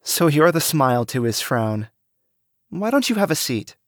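A man reading aloud and voicing a young woman who speaks softly yet haughtily. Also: a little high, big pitch swings, moderate pace, no echo, studio quality, voice pushed up. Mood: haughty.

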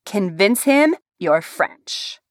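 A woman voicing a playful, mischievous young man who works in a diner, speaking in a slow, drawn-out sing-song. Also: mid-range voice, big pitch swings, no room sound, clean studio sound. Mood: teasing.

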